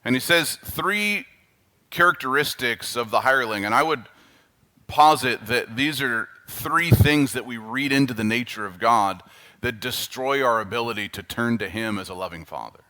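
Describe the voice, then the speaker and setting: A man with a Canadian accent delivers a sermon in a mid-pitched, bright and forward voice. He presses hard on his key points, then pulls back into quiet, sincere asides. His delivery is animated and heartfelt throughout. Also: moderate pace. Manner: emphatic, animated preaching that drops to quiet, earnest asides. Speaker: pastor.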